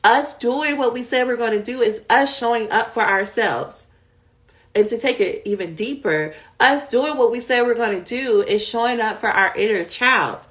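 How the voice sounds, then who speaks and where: During a live Q&A, a woman coaches people writing dissertations, speaking directly to her viewers as "y'all." Her fairly high, slightly bright voice stays candid and conversational at a moderate pace.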